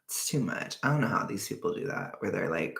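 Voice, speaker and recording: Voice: low-pitched, sing-song, a little fast, gravelly, a bit bright. A young adult vlogger in casual chat, rambling and joking between frequent laughs. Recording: echoey room.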